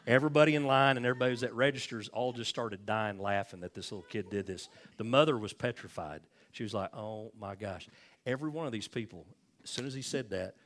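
A man's voice: medium pitch, a bit bright. An older man, a pastor, closing his sermon with a folksy story, acting out the voices in it, then leading a prayer. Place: church sanctuary.

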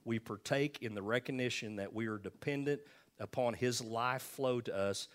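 A man's voice: mid-range voice, normal speed. Older male pastor preaching, folksy. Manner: conversational preaching, folksy asides and repeated emphasis. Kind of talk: sermon.

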